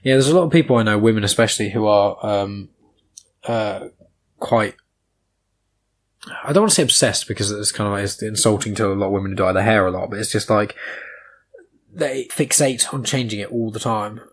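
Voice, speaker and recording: A young man with a somewhat low voice hosts a casual podcast chat. He gives his views bluntly and swears easily. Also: fairly quick. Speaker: podcast host.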